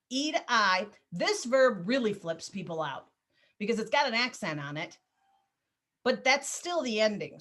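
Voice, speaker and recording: A woman teaching a Spanish class over a video call, patient and encouraging, drilling words slowly. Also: medium pitch, fairly bright tone.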